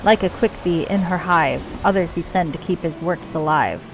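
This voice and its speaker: A crazed male cultist from a fantasy game rattles off his answers in sing-song couplets, his grammar broken like a simple goblin's, as a woman puts on his voice. The delivery sits low and drawn out, and faint music plays underneath. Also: normal speed, creaky, low-quality recording. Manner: speaks in singsong rhymes with broken grammar.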